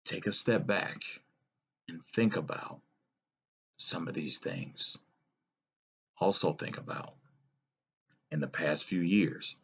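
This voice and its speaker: A man giving a solo opinion monologue, earnest and lecturing, pausing and sighing as he talks. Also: a bass voice, fairly bright tone, husky. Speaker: political commentator.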